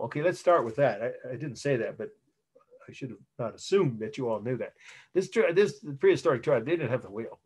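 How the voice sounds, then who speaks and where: A man teaching a college art history class over a video call, talking in a relaxed, halting way with frequent restarts and asides. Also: mid-range voice. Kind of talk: online lecture. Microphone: computer mic on a video call. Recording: video call audio with dropouts.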